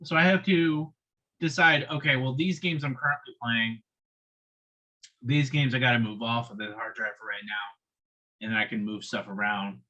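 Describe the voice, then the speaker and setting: A man with a bright, forceful tone rambles through casual game talk as a podcast co-host. His sentences trail off and restart in an easygoing way. The recording is dull and a bit lo-fi. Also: mid-range voice, steady tone, normal speed. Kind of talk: casual gaming chat.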